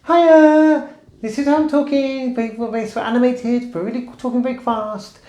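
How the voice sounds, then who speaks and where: A man imitating an overly animated, high-pitched, chipmunk-like way of talking, rapid and exaggeratedly bubbly. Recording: echoey room.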